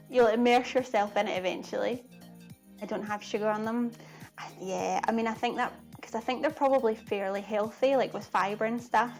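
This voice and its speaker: Giggly woman chatting while cooking. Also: on the high side. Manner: chatty and giggly, talks to chat viewers. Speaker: cooking streamer. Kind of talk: casual live-stream chat while cooking.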